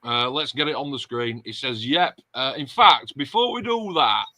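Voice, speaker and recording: A man's voice: medium pitch, animated, normal speed, pushed and bright, no echo. A man hosting a casual livestream chat and reading out viewer comments. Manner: chatty, reads out viewer comments. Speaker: host.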